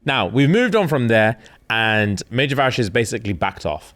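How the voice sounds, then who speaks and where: A man's voice: medium pitch, sing-song, moderate pace, fairly bright tone. A man recapping a book on a podcast in casual slang, putting on the characters' lines as he tells it. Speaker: podcast co-host.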